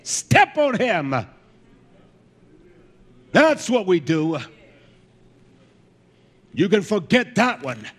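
A man preaching a fiery sermon, emphatic and blunt, often shouting and filling pauses with "uh". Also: sits high, big pitch swings, breathy edge. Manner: fills pauses with "uh" and repeated words.

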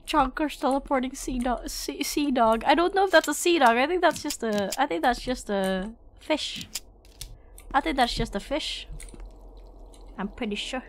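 A young woman streaming a retro shooter, excitable and quick to laugh and shriek at what happens in the game. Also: high-pitched. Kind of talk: live game commentary. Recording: game music loud behind her. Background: loud game music.

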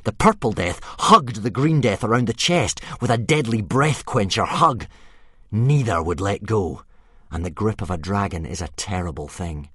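A man narrating an audiobook with vivid, dramatic storytelling that drops to a hush in tense moments. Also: lowish voice, lively intonation, normal speed, slightly rough, no room sound, studio quality.

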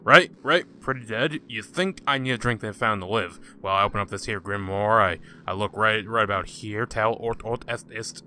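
A man's voice: on the low side, normal speed, few pauses, pushed and bright, a little hiss or hum. A man hosting a casual gaming let's-play, joking sarcastically and talking back to the game's characters. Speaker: gaming channel host.

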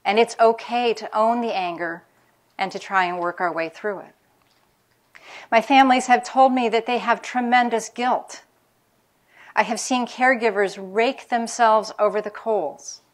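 A woman's voice: a little high, unhurried. A middle-aged woman physician giving a public lecture on caregiving, speaking frankly and telling personal stories. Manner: candid, anecdotal, speaks frankly about caregivers' feelings. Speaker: palliative care physician.

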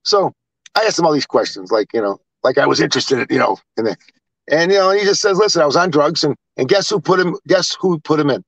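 A man's voice: a little high, animated, quick pace, gravelly, fairly bright tone, dry recording, poor audio. An older man telling blunt, rambling stories with swearing. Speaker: storyteller. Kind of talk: casual storytelling.

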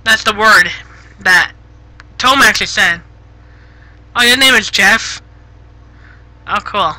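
A woman streaming live on a headset, chatting casually with viewers, giggly and easily flustered, gently scolding chat when it gets rude. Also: medium pitch, slow pace, rough recording. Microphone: gaming headset.

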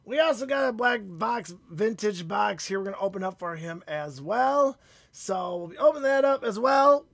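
Chatty man with a husky, fading voice. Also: high voice, fairly bright tone, no room sound. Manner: chatty and upbeat, greets viewers by name. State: losing his voice, phlegmy. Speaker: card-breaking stream host. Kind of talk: live stream chat.

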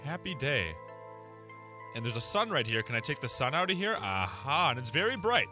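A young man giving animated, jumpy commentary while playing a horror game, often exclaiming and laughing. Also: medium pitch, quick pace. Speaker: let's play gamer. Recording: music loud behind voice. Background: game music.

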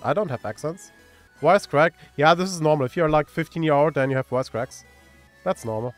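A man with a German accent giving casual, excitable commentary on a mobile game while reading chat aloud. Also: on the high side, fairly quick, faint music behind. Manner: excitable, cheers at pulls and reads chat aloud.

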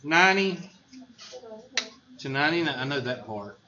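A man's voice: on the high side, expressive, moderate pace, crowd noise. Folksy man teaching a math class. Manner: folksy, joking, drawling. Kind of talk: classroom lecture. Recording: echoey room, dull lo-fi sound, faint noise.

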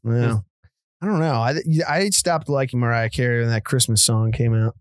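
A man co-hosting a podcast, mostly chiming in with short reactions and quick questions. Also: mid-range voice, no echo, studio quality. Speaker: podcast co-host. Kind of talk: casual podcast chat.

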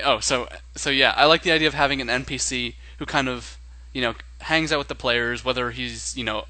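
A man's voice: mid-range voice, sharp tone, no echo, poor audio. A man co-hosting a casual podcast about tabletop games, running as game master and thinking aloud in a rambling way.

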